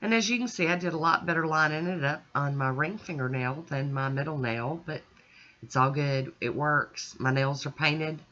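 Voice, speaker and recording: Bright-voiced woman narrating a nail tutorial. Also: sits low, normal speed, muffled recording. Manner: chatty, talks through each step. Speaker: nail art channel host. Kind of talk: casual voice-over nail tutorial.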